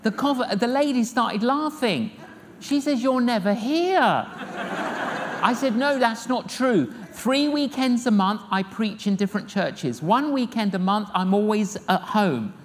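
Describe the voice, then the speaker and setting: An older man, preaching a sermon as an evangelist, telling stories lively and acting out the dialogue himself. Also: high voice, unhurried. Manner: lively storyteller acting out dialogue, repeats phrases. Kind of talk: sermon with humorous storytelling. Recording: long hall reverb with faint noise.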